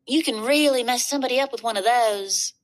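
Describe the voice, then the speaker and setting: A woman's voice: a little high, a little fast, voice pushed up, close to an everyday voice. A woman reading a storybook aloud, voicing a shy young girl who is eager to impress a new friend.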